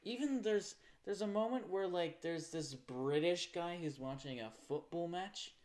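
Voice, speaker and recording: A man's voice: fairly high pitch, measured pace, darkish tone. A man chatting casually on a livestream in a profane, rambling rant. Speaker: live streamer.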